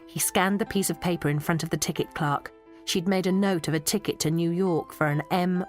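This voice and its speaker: A woman narrating a children's audiobook in an expressive storytelling manner, close to a studio mic. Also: fairly low pitch, normal speed, faint music behind. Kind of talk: scripted narration.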